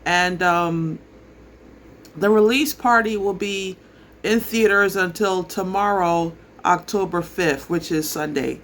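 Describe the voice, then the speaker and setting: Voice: mid-range voice, slow, a bit bright, a little hiss or hum. A person giving a casual spoken commentary, talking hesitantly with many filler ums and restarts. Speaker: entertainment commentator.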